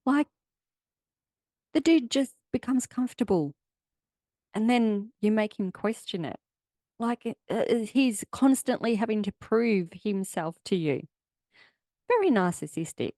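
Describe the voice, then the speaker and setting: Brief: Australian woman podcast host, sarcastic and blunt, unhurried, dry close sound. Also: a little high, expressive, warm tone, dry recording. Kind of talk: sarcastic commentary.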